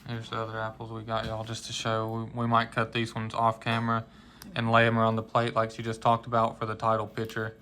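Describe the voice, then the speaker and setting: A man's voice: lowish voice, completely flat delivery, a little fast, bright, forceful tone, a little hiss or hum. A young man hosting a casual cooking vlog in a home kitchen, explaining plainly to viewers. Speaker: channel host.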